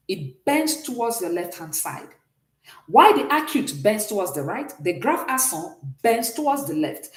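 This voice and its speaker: In an echoey room, a woman with a mid-range voice teaches a beginners' French class online. She explains patiently and often checks in with "okay?".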